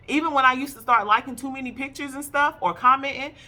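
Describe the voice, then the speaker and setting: A woman sharing a personal faith testimony and exhorting wives, animated and emphatic, calling her listeners "baby". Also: high voice, fast talker. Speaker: faith vlogger addressing wives.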